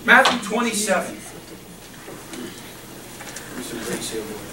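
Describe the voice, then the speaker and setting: A man preaching a sermon as a pastor, passionate, swinging between loud emphasis and hushed repetition. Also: sits high, sing-song, measured pace. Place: church hall. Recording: echoey room recorded from far off with background noise.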